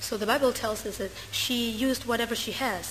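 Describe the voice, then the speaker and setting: Woman, English speaker, sermon interpreter, fairly high voice, halting with fillers, reverberant hall. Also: a bit bright, slight background noise. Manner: hesitant, many uh fillers and self-corrections. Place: church hall. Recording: reverberant hall, faint ambience.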